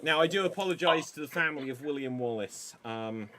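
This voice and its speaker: A man hosting an improv game, calling time and joking with wry, unhurried banter. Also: fairly high pitch, animated, bright, forceful tone. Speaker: improv show host.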